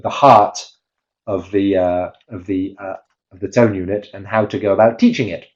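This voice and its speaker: A man's voice: mid-range voice, a little mellow. A man gives an online talk on teaching pronunciation and sounds like a video call. He stops often, restarts phrases, and fills gaps with "uh" and "um". The audio is a little muffled and dull. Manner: hesitant, many fillers and restarts. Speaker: webinar presenter on pronunciation teaching.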